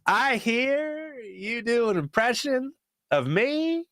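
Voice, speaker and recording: A man's voice: extremely high pitch, very animated, takes it slowly, fairly bright tone, no echo, pitched above the performer's own voice, heavily acted. A man voicing a stern older male math teacher in a comic anecdote, dry and clipped. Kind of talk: anecdote impression.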